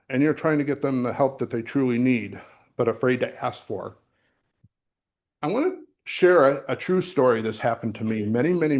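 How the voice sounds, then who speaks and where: A middle-aged man giving a sermon as associate minister, talking in a conversational way with fillers and restarts, recorded in a church sanctuary. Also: medium pitch. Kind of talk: sermon with personal story.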